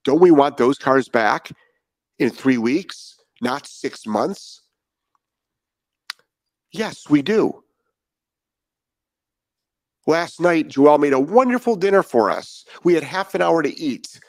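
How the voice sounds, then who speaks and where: A man's voice: on the high side, lively intonation, slow pace, long pauses, dry recording. Blunt, fired-up male dog trainer. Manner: blunt, profane, fired up, full of rhetorical questions. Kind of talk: podcast monologue.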